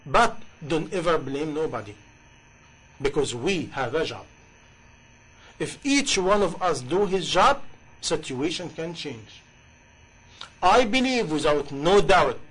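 A man's voice: on the high side, a bit bright, slightly rough, poor audio. A man preaching a sermon in passionate, English, with many rhetorical questions. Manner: impassioned, rhetorical questions, non-native grammar.

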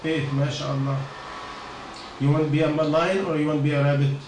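High-voiced preacher man in echoey room. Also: little pitch movement, a little fast, darkish tone, far from the mic, a little hiss or hum. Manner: questioning, rhetorical, non-native phrasing. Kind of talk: informal religious talk.

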